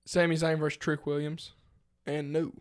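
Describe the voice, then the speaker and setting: A man in a casual podcast chat, making short, flat remarks. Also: on the high side, normal speed. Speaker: podcast co-host.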